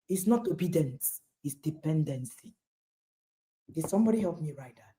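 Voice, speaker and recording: A middle-aged woman, a parenting speaker and author with a Nigerian accent, gives parents an emphatic motivational talk. Her voice is deep and dark at a normal speed, and she addresses listeners directly while repeating points for emphasis.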